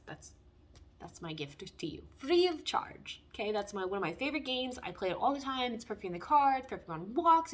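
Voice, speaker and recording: A woman's voice: medium pitch, a bit bright. A woman giving a casual spoken tarot reading, talking in a frank, blunt and heartfelt way. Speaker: tarot reader.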